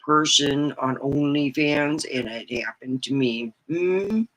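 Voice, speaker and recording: A middle-aged woman chatting on a casual livestream, rambling and animated, with sudden high whoops. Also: takes it slowly, low-quality recording. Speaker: livestreamer and comedy chat host.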